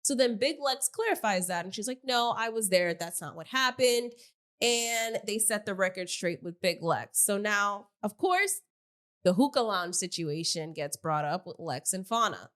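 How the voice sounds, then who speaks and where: A woman co-hosting a podcast, recapping reality TV in casual slangy chat, swinging between loud excitement and tired low talk. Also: moderate pace. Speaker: podcast co-host.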